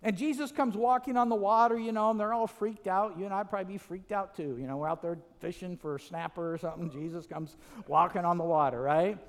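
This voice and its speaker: A male preacher giving a lively sermon, telling stories with restarts and frequent "right?" asides. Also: sits high, fast talker, big-room sound. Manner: animated storytelling with many restarts and "right?" asides.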